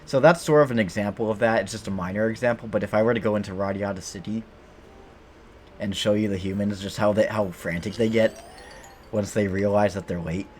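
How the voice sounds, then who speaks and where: Male game streamer, lowish voice, loose rambling commentary, faint game sound underneath. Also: steady tone, brisk, slight background noise. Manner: rambling, many fillers and restarts. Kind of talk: casual gameplay commentary.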